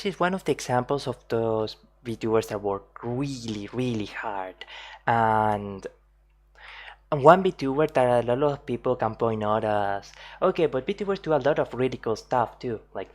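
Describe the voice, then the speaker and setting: A woman's voice: a bass voice, animated, normal speed, a little mellow. A woman streamer giving casual live-stream commentary on clips, chatty and laughing often, with many fillers.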